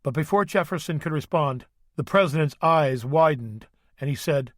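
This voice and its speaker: A man narrating an audiobook in an even, steady reading voice that sits slightly high. The sound is close and dry, with no room echo. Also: moderate pace. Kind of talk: scripted narration.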